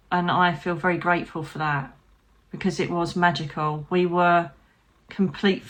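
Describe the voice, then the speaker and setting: A woman's voice: fairly low pitch, fairly bright tone. A British woman, a psychic medium, talking candidly and from the heart to her viewers, with frank swearing and light humour. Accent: British English. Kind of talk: personal vlog talking to camera.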